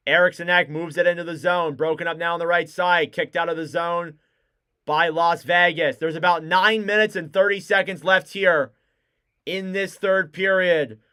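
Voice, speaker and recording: Excitable young man calling hockey live. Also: fairly high pitch, normal speed, clear, resonant tone. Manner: excitable, shouts and cries out on big plays. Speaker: fan play-by-play streamer. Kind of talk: live play-by-play commentary.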